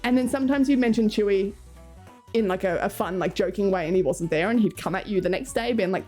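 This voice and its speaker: A woman's voice: mid-range voice, animated, fast talker, mellow. A young Australian woman streaming, chatting casually with her viewers and reading chat aloud, laughing often. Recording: faint music behind.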